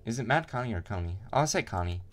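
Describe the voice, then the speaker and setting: A man's voice: fairly low pitch, lively intonation, fast, faint music behind. A man casually reading a game's story aloud, often stumbling and correcting himself. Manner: stumbling, self-correcting reader. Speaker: streamer reading a game story. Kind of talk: casual game read-through.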